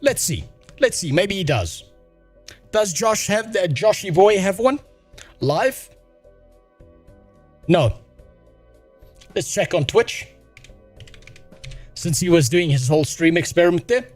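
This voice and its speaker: A man's voice: high-pitched, sing-song, slow pace, pauses often, soft background music. A man streaming a casual reaction, sarcastic and crude, swearing often.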